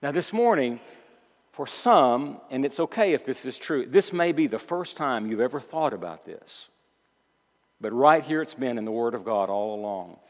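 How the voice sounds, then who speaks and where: Man, pastor preaching, lively rising and falling voice, repeats phrases for emphasis, long hall reverb. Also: medium pitch, normal speed. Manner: swings from soft reflective asides to loud emphatic declarations. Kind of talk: sermon.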